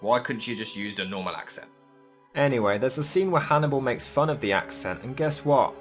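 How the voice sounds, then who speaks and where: A man's voice: medium pitch, lively intonation, fairly quick, soft background music. A man giving a scripted, opinionated film review in a blunt, sarcastic manner.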